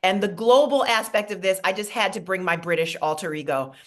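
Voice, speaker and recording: A woman from Queens with a New York accent, giving a playful comedic monologue over a video call. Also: medium pitch. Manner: playful, quick banter with asides.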